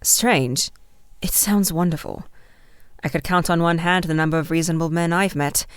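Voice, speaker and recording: A woman voicing a wistful young woman who serves a temple, tentative and soft-spoken, in an audiobook reading. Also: lowish voice, moderate pace, clear, resonant tone, no echo, lightly acted. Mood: frank.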